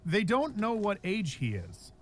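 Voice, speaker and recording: A young man with a somewhat high voice rants in a casual chat, swearing freely and picking up steam as he goes. He talks in restless bursts and keeps cutting off his own sentences to start again. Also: measured pace. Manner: profane, animated ranting with frequent restarts. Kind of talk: casual ranting commentary.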